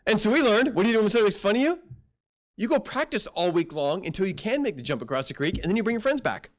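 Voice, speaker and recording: A man's voice: high-pitched, big pitch swings, very fast. A middle-aged male pastor preaching a sermon in a folksy storytelling way, acting out quoted voices.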